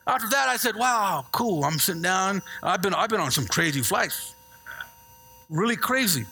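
A middle-aged man preaching a sermon as a pastor, telling stories with lively asides and checking in with the congregation. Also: high-pitched, normal speed, a little hiss or hum. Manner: animated storytelling with call-and-response asides.

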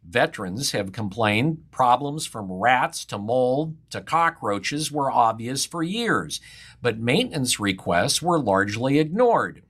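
A man reading a local news report in a steady, matter-of-fact way. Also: medium pitch, slow pace, breathy edge. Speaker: news reader.

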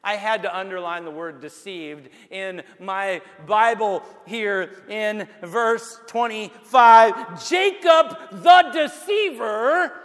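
Casting: pastor, man with a very high voice, slow and deliberate, long church-hall reverb. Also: fairly even intonation, a bit bright. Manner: preaching with rising emphatic outbursts. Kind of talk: sermon.

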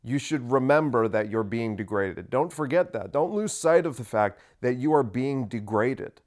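Guy ranting on his podcast, sarcastic, swears a lot, mid-pitched voice. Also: expressive, normal speed. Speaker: podcast host. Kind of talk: casual solo podcast monologue.

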